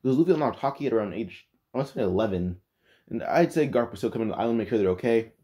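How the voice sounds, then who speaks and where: A man's voice: medium pitch, animated, very fast, dark tone. A man casually retelling an anime fan story, rambling with lots of "like" and frequent restarts.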